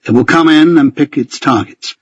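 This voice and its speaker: A man narrates a first-person story in a husky voice at a middling pitch. His telling is tense and vivid. The recording sounds dull and lo-fi. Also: moderate pace, no room sound. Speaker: audiobook narrator.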